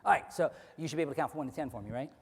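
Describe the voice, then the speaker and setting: A man working as a stage hypnotist, giving rapid, repetitive suggestions and playfully commanding volunteers in front of an audience. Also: fairly high pitch. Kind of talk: live hypnosis stage show. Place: large hall before an audience. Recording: echoey hall, live stage.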